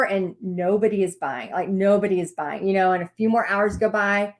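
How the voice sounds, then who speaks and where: A woman telling a personal story to an audience in a lively way, acting out what people said. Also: mid-range voice, moderate pace, few pauses. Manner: animated storytelling with acted-out quotes. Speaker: paint party business teacher.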